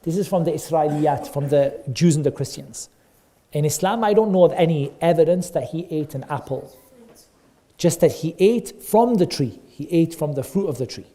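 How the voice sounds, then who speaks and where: Male teacher for a kids' class: high-pitched, soft mellow tone, animated storyteller who repeats himself and questions the children. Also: normal speed.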